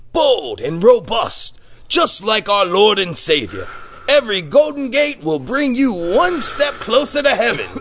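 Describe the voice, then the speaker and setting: A man doing a coughing preacher pitchman. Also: a bit bright, slight background noise, heavily acted. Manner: sermon-like, coughing, fervent. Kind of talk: parody ad.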